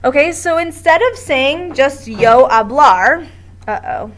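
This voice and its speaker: A woman's voice: sits high, lively intonation, slow, a bit bright. A woman teaching a Spanish grammar lesson at a board in a classroom, explaining step by step with patience.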